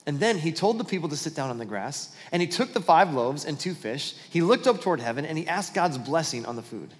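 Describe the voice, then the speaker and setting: Pastor guy giving a sermon, bit high voice, big echoey hall. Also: animated, fairly quick, few pauses. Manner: storytelling with acted-out dialogue and repeated restarts.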